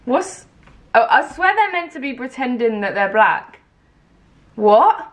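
A woman's voice: fairly high pitch, sing-song, a little slow. A young woman from the UK in her twenties, casually reacting to a video with bemused, laughing asides. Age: 20s. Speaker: reaction channel host.

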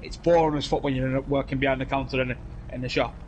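A man's voice: mid-range voice, fairly even intonation, fast talker, darkish tone, slight background noise. A young British man in casual banter while gaming, telling rambling stories full of swearing and laughs into a headset at home. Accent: British English. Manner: rambling, profane storytelling with frequent laughs. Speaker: gamer streaming with friends.

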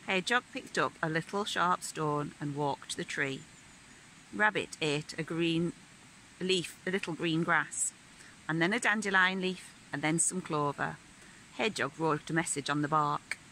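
A woman reading a picture book aloud to young children in a gentle, sing-song manner. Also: low-pitched, moderate pace, a little hiss or hum, rough recording. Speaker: children's storyteller.

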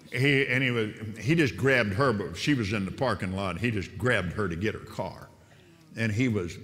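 An older man, a prison minister, telling a testimony story with animated, stumbling repetitions. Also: fairly low pitch. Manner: animated, repeats and restarts words. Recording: long hall reverb.

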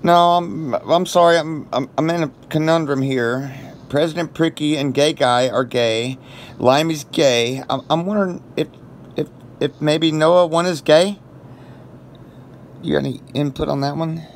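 A man's voice: a little high, slight background noise. Profane man rambling nonsense on prank calls. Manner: crude, profane, deliberately absurd rambling. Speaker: prank caller baiting scammers. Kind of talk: casual phone prank banter.

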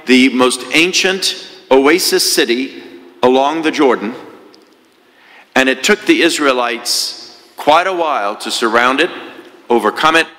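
Male priest, sermon, bright edge, big church reverb. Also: medium pitch. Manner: conversational preaching with rhetorical questions. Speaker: parish priest. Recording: echoey church hall.

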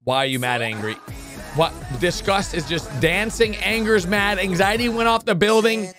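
A man hosting a gaming channel, giving excitable reaction commentary on a video, swinging from low mutters to high yelps. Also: moderate pace, over music.

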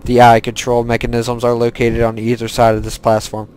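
A cold, commanding undead king from a video game hands down orders in a solemn put-on accent, as a man gives him voice. The delivery is slow and grave, every line an order. A faint hiss sits under the voice. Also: mid-range voice, monotone, darkish tone, lightly acted, low-quality recording. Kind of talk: reading quest text aloud in character.

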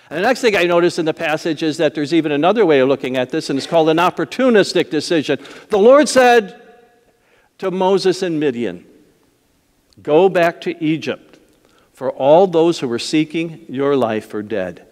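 In a church sanctuary with long hall reverb, a pastor preaches by telling stories conversationally, acting out the voices of the people in them and laughing along. His voice is a little high, with lively intonation and a moderate pace.

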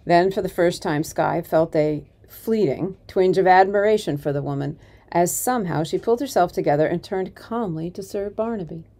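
Expressive woman reading a storybook. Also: lowish voice, normal speed. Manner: expressive, varied storytelling with soft dips. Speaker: community volunteer reader. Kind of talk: reading a children's novel aloud.

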